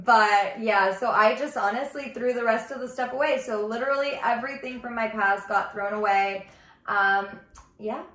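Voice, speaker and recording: A woman's voice: on the high side, fairly bright tone. A woman telling her personal testimony in a casual vlog, chatty and earnest, with "like" running through her sentences. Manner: chatty, heavy use of "like", earnest and confiding. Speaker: ministry vlogger. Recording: echoey room.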